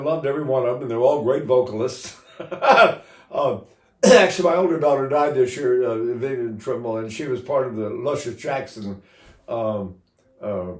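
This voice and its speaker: A man's voice: mid-range voice, normal speed, darkish tone. Chatty man in his eighties, roomy echo. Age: 80s. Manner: chatty, anecdotal, joking asides. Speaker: voice teacher. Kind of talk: informal singing lesson.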